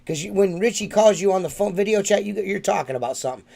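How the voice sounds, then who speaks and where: A man hosts a loose podcast chat in a high, gravelly voice. He swears freely and laughs easily as he tells his stories. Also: animated, quick pace, noisy background. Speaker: podcast host. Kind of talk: casual chat.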